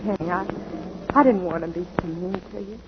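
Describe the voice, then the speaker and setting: A woman's voice: lowish voice, brisk, lightly acted. An actress playing a young female dancer, tender and torn, with breathless emotional pleading in 1940s radio acting. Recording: dull 1940s radio recording with clear hiss.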